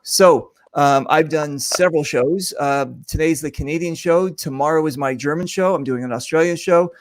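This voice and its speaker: Man host, joking rambly talk show on a video call, fairly high voice, dry sound. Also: normal speed, dry recording. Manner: joking, rambling, many fillers. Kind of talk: casual video-call chat.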